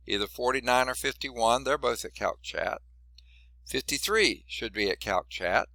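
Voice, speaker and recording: Male math instructor, folksy lecture delivery, gravelly and bright, dry sound. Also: mid-range voice, moderate pace, dry recording. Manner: folksy, chatty, asks the class questions. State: losing his voice. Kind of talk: classroom lecture.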